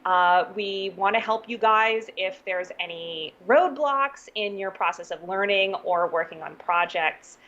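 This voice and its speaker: A woman's voice: medium pitch, a little slow, hardly any pauses, a bit bright, lo-fi sound. A woman hosting a coding livestream, bubbly and welcoming, laughing often. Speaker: host.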